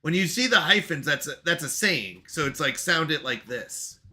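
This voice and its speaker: A male streamer talks casually to his audience with an excitable manner and frequent laughter. His voice sits high and jumps around in pitch. The tone is very bright. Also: moderate pace. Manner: excitable, laughs often, exclaims at himself. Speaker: live-stream host. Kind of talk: casual live-stream chat.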